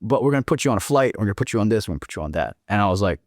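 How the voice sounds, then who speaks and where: A man's voice: lowish voice, animated, rapid-fire, darkish tone, dry recording, studio quality. A young man telling a war story as a podcast guest, swearing freely and acting out quoted dialogue. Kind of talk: casual storytelling.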